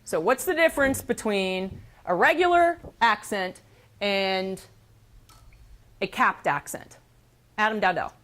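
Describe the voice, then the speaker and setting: A woman teaching a school band, giving brisk directions and counting off. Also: medium pitch, expressive, fairly bright tone. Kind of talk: classroom instruction.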